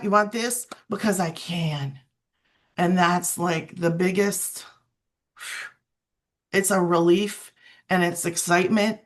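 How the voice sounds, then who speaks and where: An earnest woman in her forties tells her own story over a video call. She talks in an animated way and repeats her key points for emphasis. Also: mid-range voice. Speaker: guest sharing a testimonial. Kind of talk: emotional personal testimonial.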